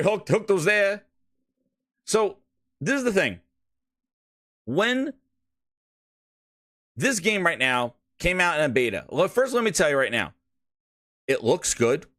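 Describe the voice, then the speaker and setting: A man with a New York accent, hosting a casual gaming show, with hype-man shouting and loose, rambling talk that repeats itself. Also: high-pitched, dry recording, studio quality. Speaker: podcast host.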